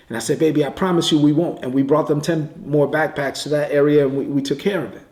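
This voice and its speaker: A man preaching in a conversational way, telling a story with quick bursts and repeated words. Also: fairly high pitch, steady tone, a little mellow. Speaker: pastor. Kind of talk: sermon storytelling. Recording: echoey room.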